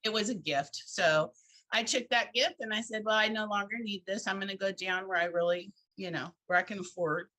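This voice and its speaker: A woman tells her own story in a relaxed interview with a bright, clear voice. She talks casually and animatedly, acting out the people she quotes. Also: mid-range voice, a little fast, rough recording. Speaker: guest, founder of a charity for women in crisis.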